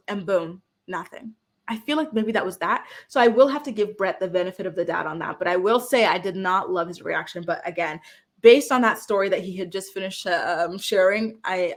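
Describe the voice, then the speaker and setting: Lady doing a tv recap vlog, super chatty, acts out everyone's lines, lots of "like". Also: fairly high pitch. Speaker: reality TV recap host. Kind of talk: casual recap talk to camera.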